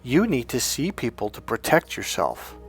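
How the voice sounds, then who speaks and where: A middle-aged man, a life coach, telling a painful personal story in a halting, emotional way, often restarting his words. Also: medium pitch, huge pitch swings, slightly rough, faint music behind.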